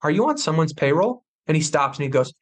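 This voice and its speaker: A young man appears as a podcast guest, telling a personal story with intensity and acting out what others said. His voice is fairly high and he talks fast, making for an animated retelling full of acted quotes.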